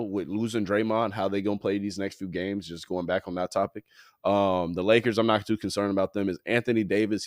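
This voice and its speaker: A man's voice: lowish voice, dry recording, clean studio sound. A man hosting a casual sports podcast. He sounds tired and yawns, and his talk is slangy, profane, loose and rambling. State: tired, yawning.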